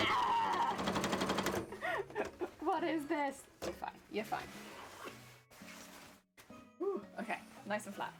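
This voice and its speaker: A young woman from the United Kingdom chatting to herself and giggling as she sews a cosplay on a live stream. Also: sits high. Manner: chatty, self-talking, giggly while working. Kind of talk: casual sewing stream chat. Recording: clear music bed under the voice.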